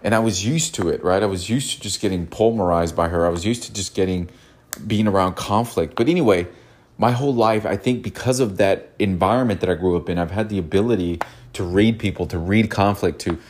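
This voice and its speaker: A man talking in a casual personal monologue, earnest and rambling, often repeating words and restarting his sentences. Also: brisk. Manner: animated, jumps high when imitating cartoon voices. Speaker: mental health podcast host.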